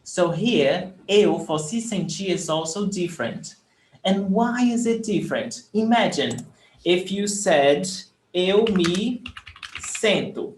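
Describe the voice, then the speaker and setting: A man's voice: high voice, expressive, unhurried. A man teaching verbs in a live online lesson, explaining patiently and repeating examples. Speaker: Portuguese teacher. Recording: echoey room, faint background noise.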